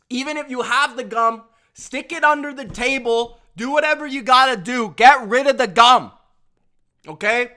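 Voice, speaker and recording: A man's voice: extremely high pitch, sharp tone. A man hosting a sports review show, ranting emphatically in casual talk, repeating himself and calling listeners bro. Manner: emphatic, repetitive, addresses viewers as bro. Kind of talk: casual opinion rant.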